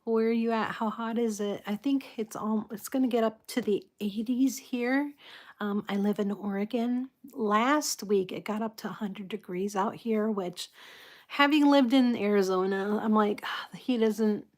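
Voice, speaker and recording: A woman hosting a casual live chat with her viewers, soft-spoken and apologetic, greeting people and laughing often. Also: mid-range voice, moderate pace. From United States. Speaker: livestream host.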